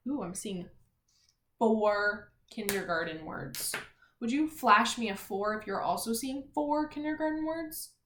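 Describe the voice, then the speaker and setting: A woman teacher giving a phonics and spelling lesson to young children, talking clearly and encouragingly. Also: on the high side, lively intonation, measured pace, a bit bright, a little hiss or hum. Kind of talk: early-grades phonics lesson. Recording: echoey room.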